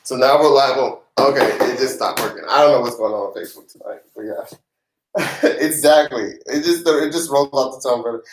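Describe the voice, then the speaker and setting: With a mid-range voice and a fairly quick delivery, a Southern-raised man hosts his tax livestream casually. The Q&A is chatty and jokey, punctuated by relaxed laughter, and the recording has a roomy echo.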